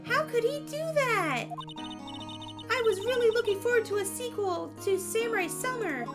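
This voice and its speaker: Woman playing a bouncy, excitable teen girl. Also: a little slow, over loud music, heavily acted. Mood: eager. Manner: high, eager and bouncy. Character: excitable teenage girl spirit medium.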